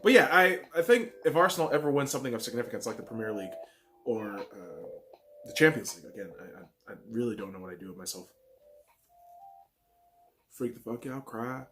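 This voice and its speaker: A man hosting a casual solo football podcast, excitable and profane, swinging from loud bursts to quiet mumbles. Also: medium pitch, fairly quick, long pauses, faint music behind. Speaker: podcast host.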